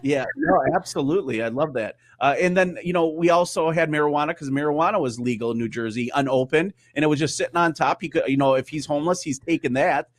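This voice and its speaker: A man's voice: a little high, quick pace, hardly any pauses, no room sound. A man, a guest on a casual show, who tells long rambling anecdotes and acts out the quoted exchanges. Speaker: guest, radio news host. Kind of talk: casual chat. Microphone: wearing headphones on a call.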